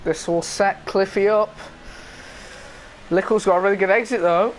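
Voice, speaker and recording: A man's voice: high voice, steady tone, moderate pace, a little hiss or hum, low-quality recording. A man co-commentating an online racing game, his voice straining as his throat gives out.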